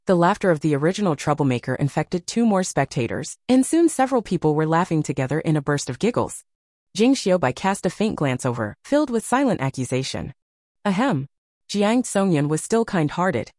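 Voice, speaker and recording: A woman reading a novel aloud as audiobook narration, with expressive storytelling. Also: on the low side, a little fast, dry recording, studio quality.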